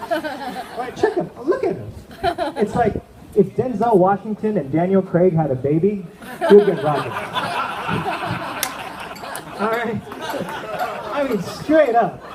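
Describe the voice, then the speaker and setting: A man doing a stand-up comedy set at an event, chatty and checking in with the crowd. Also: on the high side. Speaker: amateur stand-up comic. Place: event room with a live audience. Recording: echoey room with background noise.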